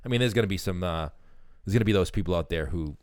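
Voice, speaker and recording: Boston guy on a podcast, low voice, talks quick, dry close sound. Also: no room sound. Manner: joking, teasing banter. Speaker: podcast co-host. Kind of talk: casual chat.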